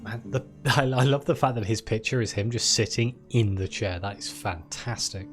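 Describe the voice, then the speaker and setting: A man's voice: fairly low pitch, normal speed, soft background music. A man live-streaming a video game, chatting and reacting aloud and reading the story text.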